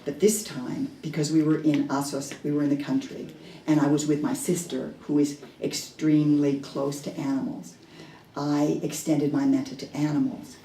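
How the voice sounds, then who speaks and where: A woman's voice: sits low, flat delivery, moderate pace, mellow, slight background noise. A woman giving a dharma talk, telling a personal story in a candid, self-deprecating way, with hesitant restarts. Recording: echoey room heard from a distance.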